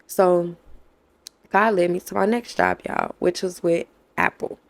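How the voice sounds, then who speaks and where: Low gravelly-voiced woman telling her story. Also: a little slow. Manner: conversational, addresses viewers as y'all, acts out quoted dialogue. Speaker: faith vlogger. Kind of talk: candid personal storytelling.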